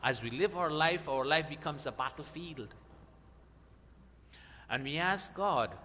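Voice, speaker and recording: A man's voice: fairly high pitch, expressive, unhurried, pauses often, pushed and bright. A man teaching at a satsang, earnestly explaining Sanskrit verses and asking emphatic rising questions. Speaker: spiritual teacher. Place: gathering hall at a weekly satsang. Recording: reverberant hall with faint background noise.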